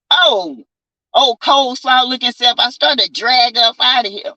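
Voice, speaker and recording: A woman with a Southern American accent, telling stories in a sassy, animated casual chat, swearing and calling listeners honey and baby. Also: on the high side, unhurried, no room sound, rough recording. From South Carolina. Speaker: vlogger chatting with live viewers.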